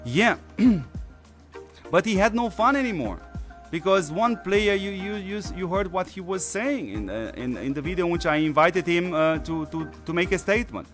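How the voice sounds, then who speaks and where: A man's voice: high voice, lively intonation, moderate pace, fairly bright tone, soft background music. A male mobile strategy game streamer who is losing his voice, rambling with many fillers and restarts. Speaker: gaming channel host. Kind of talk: casual stream commentary.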